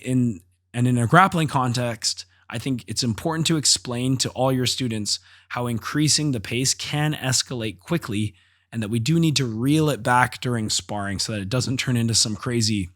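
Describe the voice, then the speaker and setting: A man's voice: mid-range voice, a bit bright. A man hosting a solo podcast, telling a gym story in a blunt, profane, casual way and acting out the quotes. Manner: blunt and profane, acts out quotes with rising intensity. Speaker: podcast host and jiu-jitsu instructor.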